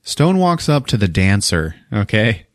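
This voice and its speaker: A man's voice: on the low side, a little slow, dry recording, studio quality. A man hosting a podcast, recapping a film in casual chat and acting out its characters with lots of swearing. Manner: animated storytelling, acting out characters with profanity.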